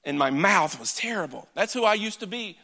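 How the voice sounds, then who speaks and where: A man preaching a sermon in an earnest, emphatic way, swinging between loud declarations and hushed asides. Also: high voice, animated, a little fast, vocal fry. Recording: long hall reverb.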